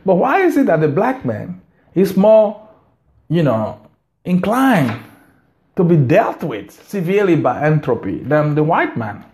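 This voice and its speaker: Nigerian guy vlogging from home, kinda high voice, slow and rambly, keeps repeating himself. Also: sing-song, a little mellow. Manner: rambling, repeats words, emphatic. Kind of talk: casual monologue to camera. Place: his house.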